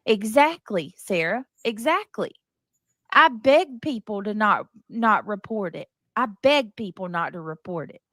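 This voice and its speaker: A woman's voice: mid-range voice, lively intonation, a little slow, fairly bright tone, no room sound. A woman hosting a casual live stream, defensive and exasperated, repeating herself and restarting sentences as she answers her chat.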